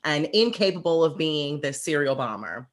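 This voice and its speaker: Female podcast guest, low voice, plain plot recap. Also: sing-song, normal speed. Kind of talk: casual chat.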